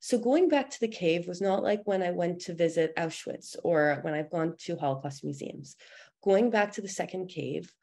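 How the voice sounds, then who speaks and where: A woman's voice: lowish voice, expressive, moderate pace, a little mellow. Earnest young woman telling a family story. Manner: earnest storytelling with many fillers. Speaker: presenter at a film discussion. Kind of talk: personal talk at a presentation.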